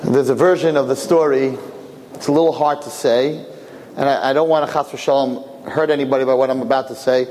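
A male rabbi giving a sermon as a lively story, jumping into voices and joking with his listeners. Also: medium pitch, brisk. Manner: animated, acts out voices, jokes with listeners. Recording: long reverb, faint background noise.

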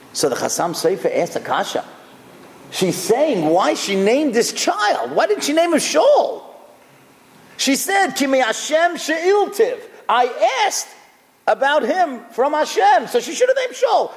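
Man, rabbi, sermon, animated storyteller, highly varied pitch, long hall echo.

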